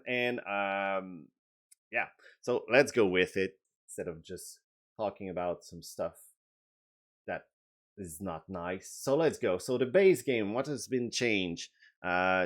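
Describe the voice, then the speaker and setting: A man with a French accent, a game designer giving a casual update video, talking hesitantly with many fillers and restarts. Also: low voice.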